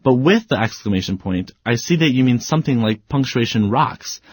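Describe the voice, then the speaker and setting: A man's voice: medium pitch, animated, brisk, no echo. A man playing a student in a scripted educational dialogue, playful and mock-exasperated.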